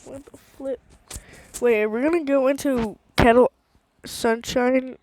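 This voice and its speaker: Giggly high-voiced woman gaming. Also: takes it slowly, rough recording. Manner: giggly, excitable, laughs a lot. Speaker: gaming streamer. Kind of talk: casual gameplay chatter. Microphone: handheld microphone.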